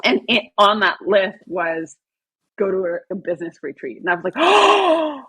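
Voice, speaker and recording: Husky excitable woman podcast host. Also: lowish voice, a little fast, dry recording, poor audio. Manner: excitable, acts out her own past words. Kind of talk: casual podcast conversation.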